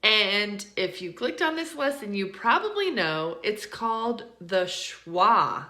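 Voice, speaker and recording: An American woman teaching English pronunciation in an online lesson, speaking deliberately and drawing out example words. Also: mid-range voice, very animated, bright, forceful tone. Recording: roomy echo.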